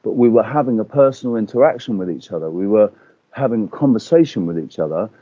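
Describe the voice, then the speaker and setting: A man in casual chat, telling stories with animated swearing and acting out quotes. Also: on the low side, fast talker, no room sound. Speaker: podcast guest. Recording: dull lo-fi audio.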